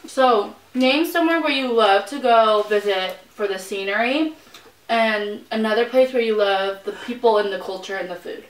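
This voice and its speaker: A woman's voice: on the high side, moderate pace. A young woman guest in a casual mukbang chat who giggles, teases and asks lots of questions. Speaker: guest vlogger. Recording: echoey room, mic at a distance, faint noise.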